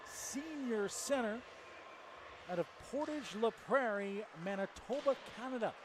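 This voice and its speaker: A man's voice: very high voice, lively intonation, measured pace, background noise. A man calling a college hockey game play by play, joking with his partner between calls. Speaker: play-by-play commentator.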